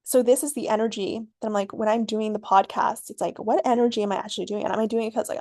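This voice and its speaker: Woman rambling on her own podcast, lots of fillers n laughs, mid pitch, super dry sound. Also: steady tone, fast, hardly any pauses, mellow, no room sound. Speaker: podcast host. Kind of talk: reflective solo podcast monologue.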